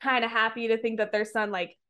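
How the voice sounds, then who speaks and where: A woman's voice: on the high side, little pitch movement, a little fast, pushed and bright, clear, resonant tone. A woman on a podcast retelling a movie plot in casual chat, rambling with lots of fillers and some swearing. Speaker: podcast co-host reviewing a movie.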